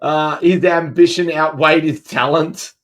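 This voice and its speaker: A man's voice: a little high, steady tone, measured pace. A man co-hosting a comedy podcast, chatting laid-back about listener comments and laughing along. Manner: laid-back, laughs at stories, says mate. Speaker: podcast co-host. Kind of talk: casual comedic chat.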